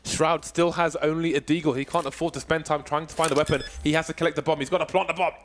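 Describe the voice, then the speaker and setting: A man doing esports play-by-play with a joking, playful manner, drawing some lines out slowly and shooting up high on exciting calls. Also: a little hiss or hum. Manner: jokey, playful, shifts between slow drawled lines and high excited calls. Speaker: esports commentator.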